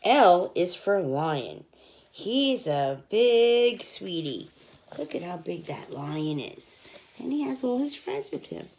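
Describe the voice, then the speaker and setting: Young woman teacher reading a picture book to kids, takes it slow, sounds out each letter. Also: lowish voice. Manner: slow, sounding out letters, lively sing-song.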